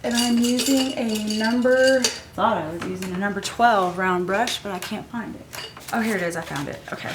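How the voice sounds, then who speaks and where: A woman's voice: medium pitch, moderate pace, background noise. A woman, sniffly, chattily teaching an art journaling craft technique while she works at home. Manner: chatty and gushing, talks while working. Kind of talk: casual craft tutorial.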